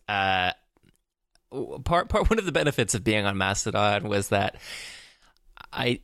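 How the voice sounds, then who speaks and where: A man co-hosting a casual tech podcast, talking in halting, self-deprecating restarts. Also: fairly low pitch, sharp tone, clean tone, no echo, clean studio sound. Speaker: podcast co-host.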